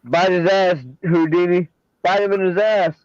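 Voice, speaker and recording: A man's voice: high-pitched, steady tone, moderate pace, darkish tone, highs cut off, a little hiss or hum. A man in a casual chat, joking and heckling crudely. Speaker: chat guest.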